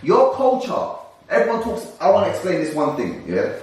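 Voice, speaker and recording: A young man, co-hosting a casual discussion podcast in an animated, ranting way with frequent laughs. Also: high voice, moderate pace, recorded from a distance. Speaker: co-host. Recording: echoey room, voice away from mic.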